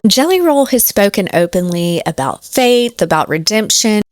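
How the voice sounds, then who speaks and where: A woman's voice: medium pitch, very animated, normal speed, no room sound. A woman host giving earnest, reflective commentary on faith and fame. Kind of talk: commentary narration.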